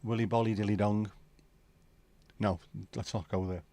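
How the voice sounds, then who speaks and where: On the low side and dark in tone, this man's voice holds a fairly even intonation at a normal speed. He's a middle-aged livestream host riffing through pub-style jokes as he reads viewer comments.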